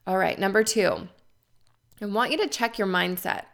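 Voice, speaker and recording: A woman podcast host in her thirties coaches listeners through confidence steps, earnest and encouraging, leaning on key words. Her medium-pitched voice is gravelly and fairly bright, at a moderate pace.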